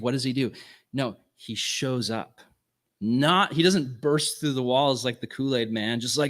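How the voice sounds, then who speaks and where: A man's voice: medium pitch, unhurried, a bit bright. A man teaching at a ministry workshop in an earnest, conversational way, often checking in with "right?". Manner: earnest, casual phrasing with frequent "right?" asides.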